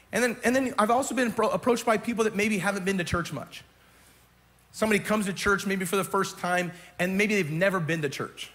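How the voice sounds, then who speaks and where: A middle-aged male pastor preaching a fervent sermon, stumbling over repeated words and rising to shouts at the climaxes. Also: high voice.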